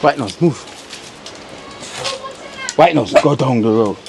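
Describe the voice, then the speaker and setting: A woman's voice: a bass voice, animated, takes it slowly, vocal fry, noisy background. A Jamaican woman vlogging, chatting casually and teasing, repeating herself as she talks to the dogs. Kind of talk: casual chat.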